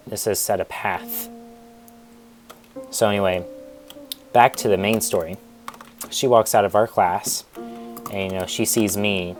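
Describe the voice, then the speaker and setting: A young man casually telling a rambling school story in a storytime vlog, digressing and restarting often. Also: sits low. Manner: rambling, digressive, self-interrupting.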